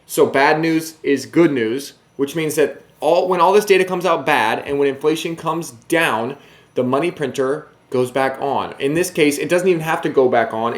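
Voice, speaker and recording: A man's voice: medium pitch, brisk. A man giving casual market commentary to camera, brash and emphatic, often mocking his viewers.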